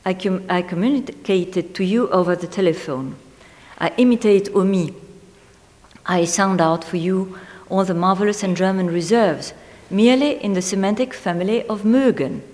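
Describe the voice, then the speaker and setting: A woman reading a literary essay aloud in a measured, deliberate way, lingering on single words. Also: mid-range voice, a little mellow. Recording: long hall reverb.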